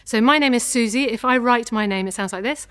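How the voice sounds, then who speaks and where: A woman voice teacher leading a guided vocal warm-up, gentle and encouraging as she demonstrates each sound. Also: a little high, fairly quick.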